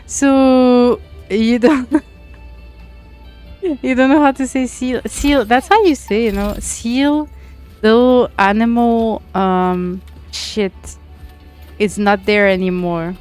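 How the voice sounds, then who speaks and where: A woman's voice: on the high side, slow, a little mellow, clear, resonant tone, faint music behind. A woman from France with a French accent, chatting casually with her viewers during a game stream, giggly and talkative as she greets people by name. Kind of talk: casual live-stream chat while gaming.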